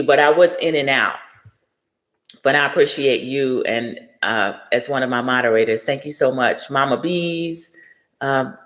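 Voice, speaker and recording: A woman's voice: a bass voice, in a large hall. A middle-aged woman hosting a casual livestream, chatting and greeting viewers by name. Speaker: livestream host.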